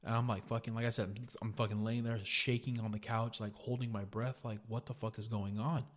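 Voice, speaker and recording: A man's voice: on the low side, level tone, brisk. A young man hosting a podcast, telling a story in a casual, profane way and saying "dude" a lot. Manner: profane, laid-back, says "dude" a lot. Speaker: podcast host.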